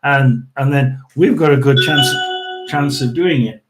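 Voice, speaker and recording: Guy rambling on his live stream, lots of restarts and throat clearing. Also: mid-range voice, measured pace, loud music behind the voice. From United Kingdom. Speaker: host of a tarot and paranormal live stream. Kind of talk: casual live-stream chat.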